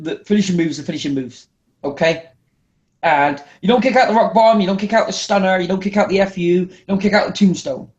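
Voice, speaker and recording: A man in casual podcast chat, telling stories animatedly, swearing freely. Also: sits high. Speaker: wrestler guest.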